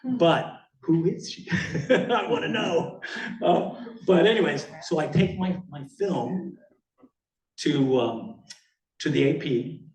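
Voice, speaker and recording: A man's voice: a little high, lively intonation, slow, darkish tone. A man in his sixties, from Miami, giving a casual rambling talk with slides to an audience, full of fillers and chuckles. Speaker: guest speaker, photographer. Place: meeting hall with audience. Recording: echoey hall from far off.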